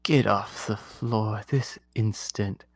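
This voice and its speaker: A shrill, imperious queen, put on by a man in a tabletop game. Her voice rises high and theatrical, and she speaks slowly. The sound is dry and close. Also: fairly even intonation, no echo. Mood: suspicious. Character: haughty imperious queen, quick to rage.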